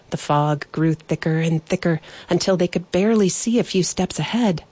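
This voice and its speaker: A woman narrating a children's bedtime story in a gentle storytelling manner. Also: low-pitched, normal speed, hardly any pauses.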